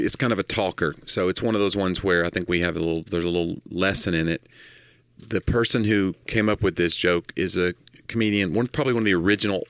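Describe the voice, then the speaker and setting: Man in his fifties, low voice. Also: a bit bright, no echo. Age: 50s. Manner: laughing storyteller who tells jokes. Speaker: podcast co-host. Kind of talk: casual chat.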